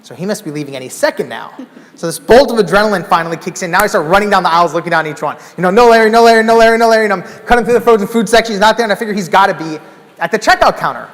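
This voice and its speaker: Man, high voice, animated storytelling keynote, large hall reverb. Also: rapid-fire. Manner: animated, acts out scenes with loud exclamations. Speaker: keynote speaker.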